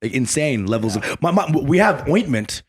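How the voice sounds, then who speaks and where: A man co-hosting a comedy podcast, telling animated, profane stories and laughing often. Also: medium pitch, moderate pace, husky. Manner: animated storyteller, laughs often, swears freely. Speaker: podcast co-host. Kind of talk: casual comedic chat.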